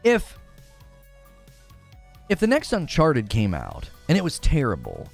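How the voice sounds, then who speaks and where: A man's voice: on the high side, unhurried, creaky, faint music behind. A man streaming live about gaming news, arguing heatedly with a regular viewer and calling out studio decisions. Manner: heated, argumentative, rising to excited shouts.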